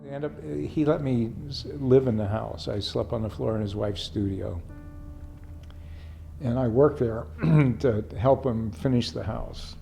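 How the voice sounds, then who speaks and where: An older man with a gravelly, creaky voice tells long rambling stories about his life for a documentary interview. He fills his talk with "you know" asides and grows emotional, and faint music plays behind him. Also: medium pitch, measured pace, dark tone. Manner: gets emotional. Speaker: painter.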